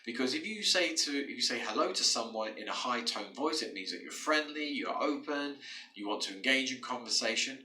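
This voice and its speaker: A man's voice: mid-range voice, animated, brisk, sharp tone, far from the mic. A man teaching English to learners, patient and explanatory, often repeating words and restarting phrases. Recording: echoey room, away from the mic.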